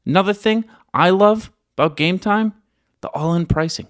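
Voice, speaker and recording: A man co-hosting a podcast, delivering an upbeat ad read and teasing his co-host in casual chat. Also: normal speed. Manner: upbeat pitchman, playful teasing.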